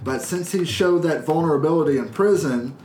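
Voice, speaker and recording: A man's voice: a little high, brisk, a little mellow. A man co-hosting a podcast in casual chat, blunt and profane. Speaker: podcast co-host. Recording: roomy echo, faint hiss.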